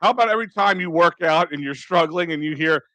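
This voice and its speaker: A man's voice: on the high side, quick pace, bright, forceful tone, no room sound. A man co-hosting a casual sports podcast, talking emphatically with many fillers. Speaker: podcast co-host.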